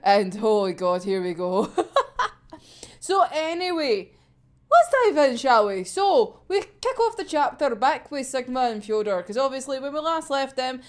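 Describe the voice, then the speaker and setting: Young woman ranting about a manga chapter, high and animated, keeps laughing. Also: measured pace. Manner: laughs often, swears freely, excitable. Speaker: manga reaction vlogger. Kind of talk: casual ranting chapter recap.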